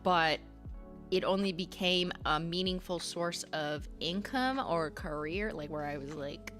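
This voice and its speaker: Thirties woman from Canada, YouTuber host, lower voice, casual and giggly, faint background music. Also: unhurried. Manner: chatty, reads letters aloud, laughs often, swears casually. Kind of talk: casual livestream reading fan mail.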